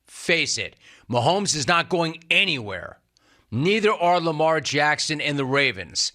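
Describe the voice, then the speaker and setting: A man's voice: a little high, sing-song, measured pace, pushed and bright. A middle-aged man hosting a sports talk show, delivering an emphatic, sarcastic monologue and repeating lines for punch. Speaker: sports radio host.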